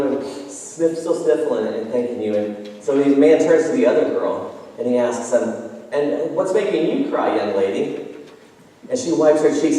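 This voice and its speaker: A man's voice: mid-range voice, darkish tone. A man preaching a sermon as pastor, telling stories in a conversational way with frequent ums and restarts. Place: church sanctuary. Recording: echoey church hall from far off.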